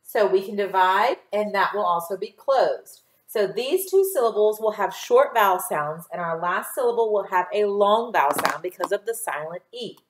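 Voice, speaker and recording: A woman teaches a recorded phonics lesson to young children, speaking at a middle pitch. She draws each model word out slowly and clearly and keeps her tone patient and encouraging. The room around her gives back a noticeable echo. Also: lively intonation. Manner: slow, clear enunciation with drawn-out model words. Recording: echoey room.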